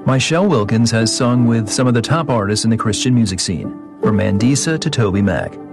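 A man presenting a feature in polished, measured scripted narration. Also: mid-range voice, expressive. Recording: music bed underneath.

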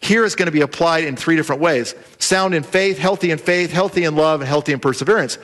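A male pastor preaching a sermon with animated, humorous storytelling. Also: a little high, quick pace.

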